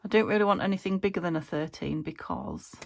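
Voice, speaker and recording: A woman's voice: on the low side, quick pace, gravelly, slight background noise. A woman vlogging about her crafts, chatting casually and thinking aloud as she works, sometimes half-whispering. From United Kingdom. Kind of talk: casual crafting chat to camera.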